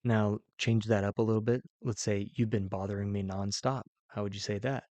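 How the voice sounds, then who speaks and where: A man's voice: lowish voice, steady tone, brisk, mellow, no echo. A man teaching a language lesson, patiently posing prompts and repeating each example sentence twice. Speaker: Mandarin teacher.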